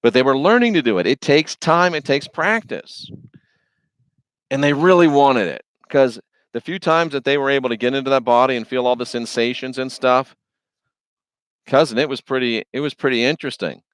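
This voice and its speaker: A man's voice: mid-range voice, moderate pace, a bit bright, smooth, no room sound. A man hosting a religious video, preaching in an informal, folksy and emphatic monologue. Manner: folksy, slangy, conversational; emphatic, repetitive.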